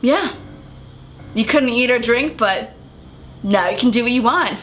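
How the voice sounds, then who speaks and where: A woman voicing a creepy, disheveled man on a bus, speaking low, flat and slow. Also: a little hiss or hum. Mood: ominous.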